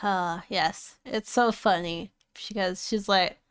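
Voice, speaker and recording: Woman podcast co-host, smooth clean tone, dry sound, casual and profane. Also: mid-range voice, steady tone, slow, fairly bright tone, no echo. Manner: laid-back, swears freely, laughs often. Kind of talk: casual chat.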